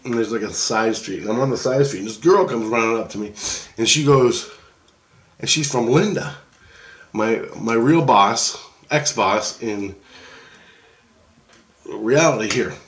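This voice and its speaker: A man telling a dream story in a rambling, excitable, profane way and acting out the dialogue. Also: medium pitch, a little slow, pauses often, echoey room.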